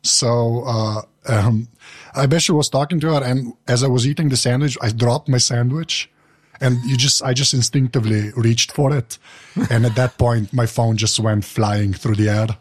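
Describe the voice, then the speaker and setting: A man's voice: medium pitch, fairly even intonation, normal speed. A man from Slovenia, speaking English in a casual podcast chat, rambling through anecdotes with many fillers. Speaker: podcast panelist.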